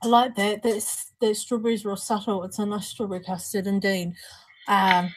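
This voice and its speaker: A woman's voice: mid-range voice, level tone, normal speed, no room sound. A woman hosting a casual live vape review stream from home, chatty and laughing often. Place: at home, indoors at night.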